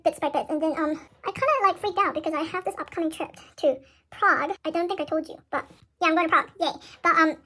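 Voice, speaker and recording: High-voiced young woman vlogger rambling. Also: a bit bright. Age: young adult. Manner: rambling, self-deprecating, laughs often. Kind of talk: casual vlog chat. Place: in bed at home.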